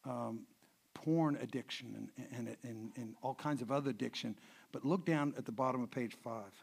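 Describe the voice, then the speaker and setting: A middle-aged man preaching a sermon, telling stories with many restarts and repeated words, dropping quiet and then swelling loud for emphasis. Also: mid-range voice, moderate pace, gravelly, slightly rough. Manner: animated storyteller, swings from hushed to loud emphasis. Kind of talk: sermon with anecdotes.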